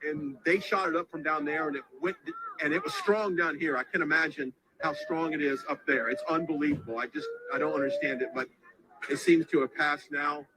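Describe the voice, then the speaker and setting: Male on-scene reporter, higher voice, breathless live commentary, noisy outdoor recording. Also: fairly even intonation. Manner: breathless, halting, reacting on the spot. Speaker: field reporter. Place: outdoors in a large crowd.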